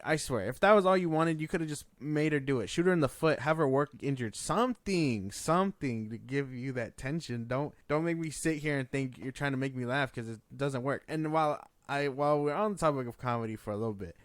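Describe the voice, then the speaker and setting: A man's voice: mid-range voice, fairly quick, few pauses, no echo. A man co-hosting a podcast, casually recapping film scenes, tossing in offhand quoted lines and swearing now and then. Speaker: podcast co-host. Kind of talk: casual film review chat.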